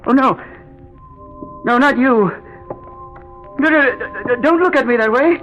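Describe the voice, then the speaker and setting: An actor playing an elderly, kindly police doctor in an old radio drama. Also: male voice, a little high, steady tone, normal speed, close to an everyday voice. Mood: terrified. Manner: mutters to himself, then pleads in terror. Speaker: Doc Kilgore. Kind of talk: 1930s radio drama acting. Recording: muffled old radio recording with music.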